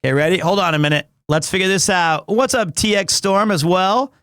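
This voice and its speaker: A man streaming live in casual chat, excitable, often breaking into shouts and laughter. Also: high voice, a little fast, clear, resonant tone. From United States.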